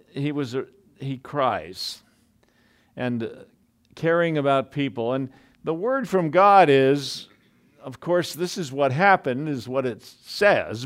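Smooth-voiced man preaching a relaxed sermon. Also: fairly high pitch, slow pace, pauses often. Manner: conversational, with frequent asides and restarts.

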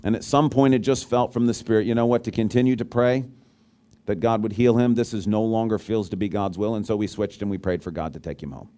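A pastor preaches a sermon fast and in a steady tone, talking conversationally and asking the congregation questions. He swings between loud emphasis and quiet, low asides.

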